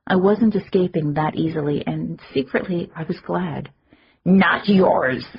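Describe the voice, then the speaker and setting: A woman narrating a fantasy audiobook in a measured, dramatic first-person reading. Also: fairly low pitch, gravelly, slightly rough, highs cut off.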